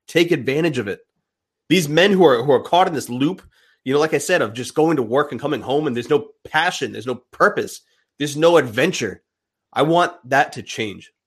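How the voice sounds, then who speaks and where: A man's voice: on the high side, fairly bright tone, husky. A young man speaking as an interview guest, fired-up and emphatic, with some swearing. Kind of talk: impassioned interview talk.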